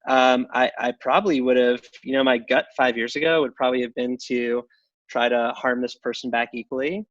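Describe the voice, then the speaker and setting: A middle-aged man speaks at an average pitch in a relaxed, halting way, circling back and restarting his sentences. His voice comes through a dull, slightly lo-fi line. The sound is dry, with no room around it. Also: no echo. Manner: halting, many restarts and fillers, chuckles often. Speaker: guest, tech company CEO. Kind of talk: casual interview talk.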